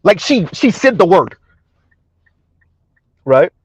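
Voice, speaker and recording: A man's voice: high voice, big pitch swings, slow, breathy edge, no room sound, muffled recording. A man hosting a casual commentary vlog, talking mockingly to his viewers, laughing often and asking "right?" over and over. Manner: addresses viewers directly. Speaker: commentary channel host.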